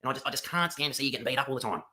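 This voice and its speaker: A man voicing a brash, foul-mouthed young male combat trainer in an animated comedy, swearing and barking orders. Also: medium pitch, racing, a little hiss or hum. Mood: bossy. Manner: swearing, bossy, shouty bursts.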